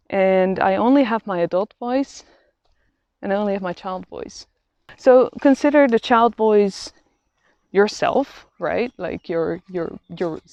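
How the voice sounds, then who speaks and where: Woman, reflective walking vlog, unhurried, halting, dry close sound, dull lo-fi audio. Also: medium pitch, darkish tone, no echo. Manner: slow, halting and thoughtful, with many restarts. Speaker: vlogger. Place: outdoors on a quiet walk in nature.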